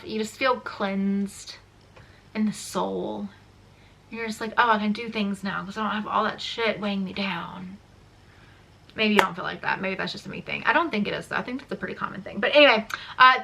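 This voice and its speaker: A woman's voice: on the high side, pushed and bright, poor audio. A young woman, casually rambling through a makeup review in her own vlog, swearing now and then. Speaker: beauty vlogger.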